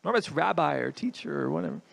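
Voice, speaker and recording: A man with a fairly high voice preaches a sermon as a guest speaker. He tells the story vividly, swinging between quick, loud stretches and low, quiet asides. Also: creaky. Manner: storytelling, lively shifts in pitch and loudness.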